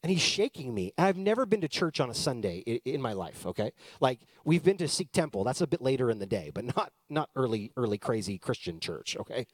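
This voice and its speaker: Animated man pastor telling a story. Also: mid-range voice, fairly quick, few pauses, no room sound, studio quality. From Canada. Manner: animated, chatty storytelling with asides. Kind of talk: storytelling sermon.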